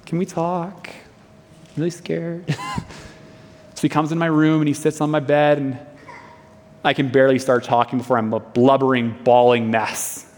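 A young man preaching a sermon in a church, telling a personal story in an earnest, conversational way. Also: on the high side. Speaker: pastor. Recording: long reverb of a hall.

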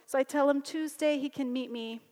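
A woman teacher telling a personal story in a sermon, animated and conversational. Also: high-pitched, normal speed, big-room sound. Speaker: college teacher and speaker.

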